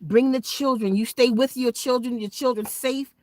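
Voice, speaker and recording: Emphatic grandmother with a high voice. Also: fairly even intonation, moderate pace, a little mellow, dry recording. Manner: emphatic, preachy, plain-spoken. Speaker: spiritual wellness vlogger. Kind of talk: casual direct-to-camera appeal.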